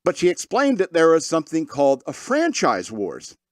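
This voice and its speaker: A man's voice: a little high, wildly swooping pitch, moderate pace, no echo, clean studio sound. A man hosting a podcast, talking casually and rambling through his opinions with frequent restarts and chuckles. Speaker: podcast host.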